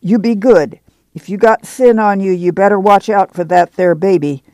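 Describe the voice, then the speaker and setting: A man's voice: high-pitched, a little slow, dark tone, no room sound. Man voicing a fierce preachy camp woman. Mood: warning. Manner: rural dialect, scolding, emphatic. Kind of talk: audiobook reading.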